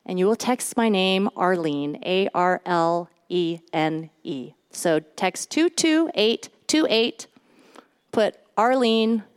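A woman author giving a chatty, animated live talk to a moms' group, full of little asides. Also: mid-range voice, slow, clean tone. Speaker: author and guest speaker. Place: event before a live audience.

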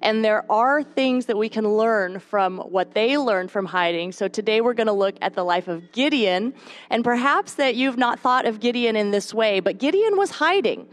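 Lively woman giving a devotional talk. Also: on the high side, normal speed. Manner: lively, expressive, playful asides. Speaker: speaker at a mothers' Bible study. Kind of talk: devotional Bible teaching.

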